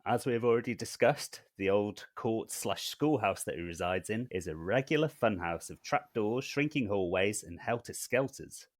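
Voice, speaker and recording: A man's voice: on the low side, lively intonation, normal speed, few pauses, no room sound, clean studio sound. A man, a podcast co-host reading out a prepared scheme in a wry, mock-formal way.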